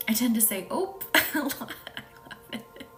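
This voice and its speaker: A woman with a Midwestern accent, hosting a live reiki session, chatting and reading out viewer comments, sometimes dropping into a soft whisper. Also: on the high side, moderate pace. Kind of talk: live-stream chat with viewers. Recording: distant mic with faint music behind.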